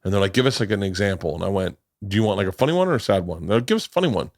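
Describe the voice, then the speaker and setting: A man's voice: low voice, expressive, racing, no echo, clean studio sound. A middle-aged man hosting a podcast, rambling through casual stories and acting out quotes, swearing freely. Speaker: podcast host. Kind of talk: casual chat.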